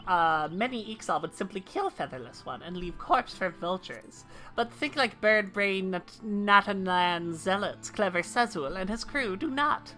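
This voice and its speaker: A woman voicing a gruff male bird-man crafter who speaks in inverted, broken word order, reading game dialogue aloud in character. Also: medium pitch, expressive, measured pace, bright, forceful tone, faint music behind. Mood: earnest.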